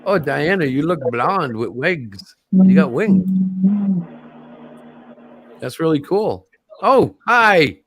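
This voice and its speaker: A man's voice: a little high, lively intonation, slow pace, long pauses, a bit bright. A man hosting a casual group livestream chat over a video call, joking and rambling, laughing often. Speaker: host.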